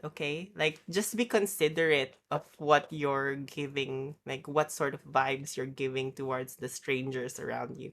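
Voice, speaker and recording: A woman rants casually on a stream, sweary and rambling, breaking off to apologize. Her voice sits low in pitch but has a bright, forward edge. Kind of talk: casual ranting chat.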